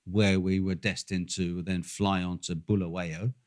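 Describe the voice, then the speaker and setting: A man's voice: low-pitched, flat delivery, unhurried. An older man telling a long, rambling travel story in casual chat, swearing freely and full of fillers. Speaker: podcast co-host.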